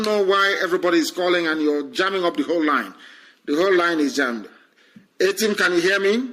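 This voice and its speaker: A man's voice: sits high, a little fast, fairly bright tone, rough recording. Fervent man hosting a call-in stream. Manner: fervent, repetitive, talks over callers. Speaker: live stream host taking calls. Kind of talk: call-in talk show.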